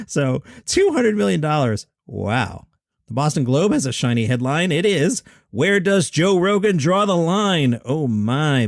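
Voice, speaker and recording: A man's voice: medium pitch, no room sound. A middle-aged man hosting a comedy news podcast from a home basement studio, reading headlines and riffing on them with wry asides and mock outrage. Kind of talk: solo comedy news commentary.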